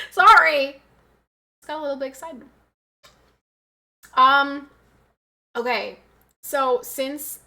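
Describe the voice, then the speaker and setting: Loud, excitable young woman streamer. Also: high voice. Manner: loud, excitable, fast-talking. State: pregnant. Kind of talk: casual chat with live viewers.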